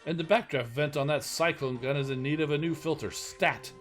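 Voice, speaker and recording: A man's voice: fairly high pitch, a little fast, fairly bright tone, faint music behind, lightly acted. A man voicing a pedantic, officious male robot medic in a put-on semi-British accent, reading the part aloud. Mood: prim scolding. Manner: officious, scolding.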